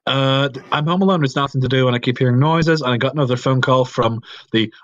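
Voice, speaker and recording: A man in a mid-range voice reads a horror story aloud for a comedy podcast and keeps cutting in with jokes. He swears freely and jumps into shrill outbursts. The sound is close and dry. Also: quick pace, no echo, highs cut off. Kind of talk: comedic reading and riffing.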